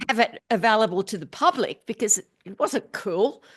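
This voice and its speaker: An upbeat middle-aged woman talks as a guest on a podcast. She tells stories with quick laughs and easy enthusiasm. Her pitch sits in the middle range for a woman. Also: animated, breathy edge. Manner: upbeat, laughs often while telling stories. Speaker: podcast guest, musician and spiritual teacher. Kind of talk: casual interview chat.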